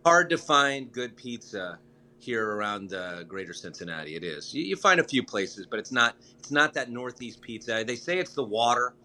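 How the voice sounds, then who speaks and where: A male news guest talks at an everyday middle pitch. He rambles happily from point to point and lights up with enthusiasm as he chats. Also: expressive, normal speed, sharp tone. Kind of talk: casual interview chat.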